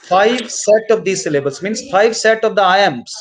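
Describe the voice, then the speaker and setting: A man teaching a literature class, repeating key points slowly as if dictating notes. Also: sits high, animated. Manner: mixes in Hindi instructions. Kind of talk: classroom lecture.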